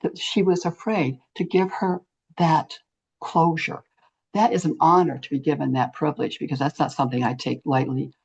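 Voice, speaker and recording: A woman's voice: sits low, normal speed, vocal fry, husky. An older woman, a guest in an interview, telling a story earnestly and acting out what people said. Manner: earnest, animated storyteller who acts out quotes. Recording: muffled lo-fi audio.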